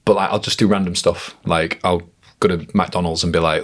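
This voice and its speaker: Jokey man, low voice. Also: steady tone, a little fast. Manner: jokey, says "mate" a lot, acts out quoted people. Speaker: podcast co-host. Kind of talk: casual chat.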